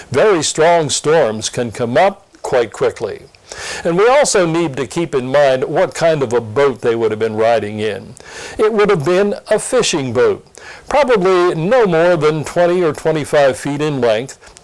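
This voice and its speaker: Animated, earnest Bible lesson presenter man. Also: a little high, rough recording. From Pennsylvania. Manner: earnest, expressive teaching tone. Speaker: Sunday school lesson presenter. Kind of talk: scripted Bible lesson preview.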